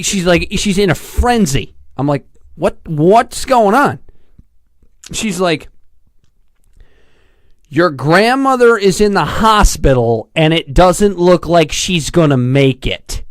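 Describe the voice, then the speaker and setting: A man's voice: fairly high pitch, animated, slow, fairly bright tone, dry recording, clean studio sound. A man co-hosting a podcast, telling rambling, profane stories in casual chat and laughing as he goes. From Detroit area. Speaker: podcast co-host.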